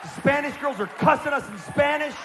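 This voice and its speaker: A man's voice: extremely high pitch, brisk, crowd noise, background noise. A man preaching a sermon, telling a comic story and acting out the voices in it. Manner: animated, acts out voices in his stories. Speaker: pastor.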